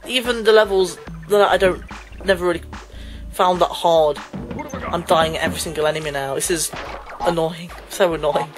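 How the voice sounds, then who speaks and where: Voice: medium pitch, fairly even intonation, moderate pace, low-quality recording. A let's play commentator chatting casually over gameplay, breaking into frustrated outbursts and laughing at himself. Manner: self-mocking, laughs at himself. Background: game music.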